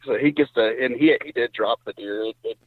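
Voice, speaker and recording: A man's voice: brisk, husky, no echo. Man telling a hunting story over the phone. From Indiana. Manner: animated storyteller, voice jumps high when quoting others. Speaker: guest hunter. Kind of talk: casual storytelling. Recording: tinny phone line.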